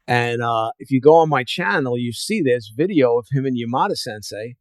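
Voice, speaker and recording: A man's voice: medium pitch, lively intonation, normal speed, no room sound. A man hosting a podcast interview, telling long martial arts anecdotes with many fillers and acting out what others said. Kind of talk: casual storytelling interview.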